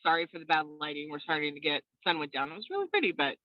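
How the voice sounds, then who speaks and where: A woman tells her story over a video call, animated and quick to laugh. The audio is a little dull and lo-fi, with a dry, close sound and no room around it. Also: deep voice, no room sound. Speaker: interview guest. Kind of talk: casual video call chat.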